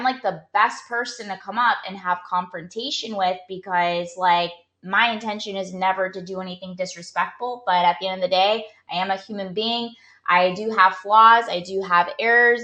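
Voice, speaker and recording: Chatty woman coach telling a story, bright sharp voice, lots of like-fillers, echoey room. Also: medium pitch. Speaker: performance coach. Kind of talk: casual motivational talk.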